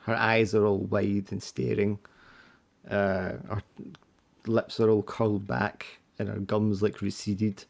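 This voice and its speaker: A man with a low, gravelly voice narrates a tabletop horror game as game master. He describes scenes loosely and casually, padding with small fillers. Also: flat delivery, slow.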